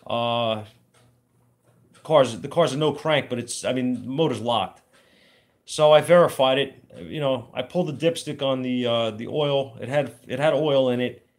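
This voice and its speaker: A man's voice: medium pitch, unhurried. A man who works as an auto mechanic, telling a rambling story from his working life in a casual, plainspoken way, using trade slang. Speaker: auto mechanic and shop owner.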